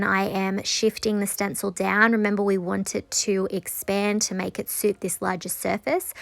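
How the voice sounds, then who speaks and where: A woman hosting a crafting channel, calmly explaining each step in a voice-over, sounding nasal from sinus trouble. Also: mid-range voice, creaky, no echo.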